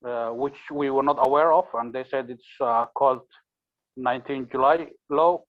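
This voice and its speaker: A man who is a refugee recounting his arrival in a steady, measured way, with many fillers. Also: mid-range voice. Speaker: refugee speaker. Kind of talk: speech at an online launch event. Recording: tinny phone-like line.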